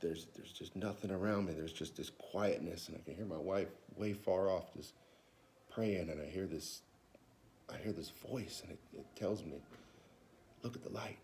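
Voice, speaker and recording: Man, lowish pitch, personal faith testimony; halting delivery with repeated words and hushed near-whisper passages. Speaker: testimony speaker.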